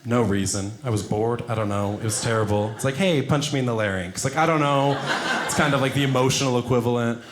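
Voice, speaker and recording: A young man doing a stand-up comedy set, self-deprecating and animated, jumping into high put-on voices for quotes. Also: fast, background noise. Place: comedy club stage before a laughing audience. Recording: roomy club sound, audience laughter.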